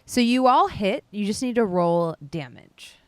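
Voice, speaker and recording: A woman narrating as game master of a tabletop game, chatty and relaxed, often stopping to say "like" and "um". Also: mid-range voice, a little slow, no echo.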